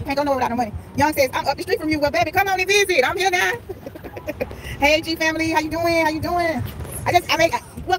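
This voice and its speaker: A woman's voice: high voice, a bit bright. A woman live-streaming a vlog on her phone while walking around a busy outdoor tailgate, chatting playfully with viewers and greeting them by name. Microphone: phone held while walking. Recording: phone recording with outdoor background noise.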